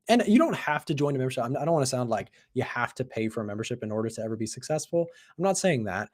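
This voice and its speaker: A man hosting a live trading stream, hoarse from losing his voice, talking casually with many fillers and repeats. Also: medium pitch, darkish tone. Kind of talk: live market commentary.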